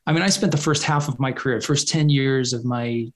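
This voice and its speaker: A man's voice: medium pitch, a little fast. A man in his fifties, a guest in an interview, telling candid stories in a wry way with small chuckles and restarts. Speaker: guest, former FBI official.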